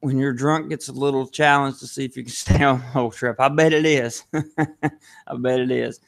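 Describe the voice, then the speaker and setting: A man's voice: medium pitch, steady tone, brisk, gravelly. A man with a Southern US accent, hosting a casual live stream and answering viewer comments aloud. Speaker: live-stream vlogger reading chat.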